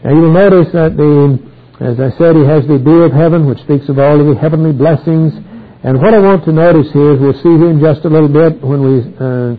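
A man with a husky voice teaching through a Bible passage verse by verse, reading each verse aloud and then explaining it. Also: on the high side. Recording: tinny phone-like old recording.

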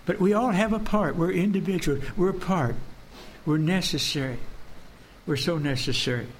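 A man preaching an earnest sermon, repeating phrases and dropping to a hush to stress a point. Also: high-pitched, normal speed, a little hiss or hum. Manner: earnest, repetitive, drops to a hush for emphasis.

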